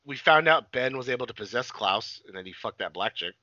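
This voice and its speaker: A man's voice: medium pitch, animated, brisk, sharp tone, dry recording. Profane rambling young man, dry lo-fi sound. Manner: rambling, profane, laughing, acts out quotes. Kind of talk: casual chat recapping a show. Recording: dull dry lo-fi audio.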